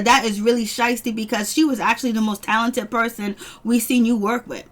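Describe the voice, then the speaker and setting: A woman casually recapping a reality show episode in a chatty, animated way, laughing often and greeting viewers. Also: a little high, fairly quick. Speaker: show reviewer.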